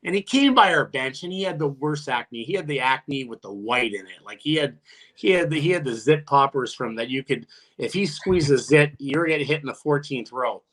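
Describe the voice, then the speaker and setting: A man's voice: lively intonation, moderate pace, a bit bright. A man, a retired hockey player, telling profane stories in a casual podcast chat, laughing and restarting often. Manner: jumps much higher when quoting his own taunts.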